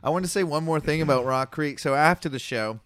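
A young man co-hosting a casual comedy podcast, telling stories with lively jumps in pitch. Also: brisk, clean tone, no echo, clean studio sound. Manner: animated storyteller, jumps pitch for quoted voices. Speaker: podcast co-host.

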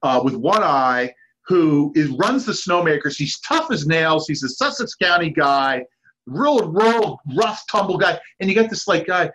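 A man in his fifties, a guest on a podcast, telling lively anecdotes and acting out the people in them. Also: fairly high pitch, measured pace, lo-fi sound. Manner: lively anecdotes with acted-out quotes and laughs. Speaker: guest, park founder's son. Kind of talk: animated storytelling.

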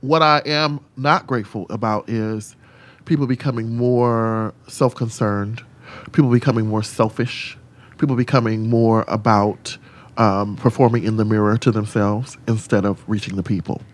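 A man who is a drag queen, talking frankly and sassily on a podcast and telling animated stories. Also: normal speed. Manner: animated storyteller, swings into high mimicking voices and whispers; sassy, frank, swears freely. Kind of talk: casual podcast chat.

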